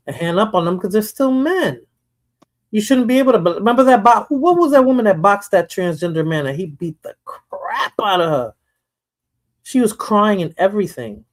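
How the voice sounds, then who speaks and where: A woman's voice: on the low side, darkish tone. A woman from the Bronx hosting a casual chat, talking loosely, laughing often and trailing off into mumbles. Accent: New York. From the Bronx, New York. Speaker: host.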